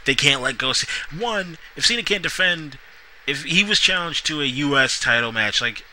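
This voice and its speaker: Rambling guy reviewing wrestling, super bright voice, chatty and all over the place. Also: fairly high pitch, expressive, normal speed, slight background noise, low-quality recording. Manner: rambling, lots of fillers and restarts. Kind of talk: casual solo review vlog.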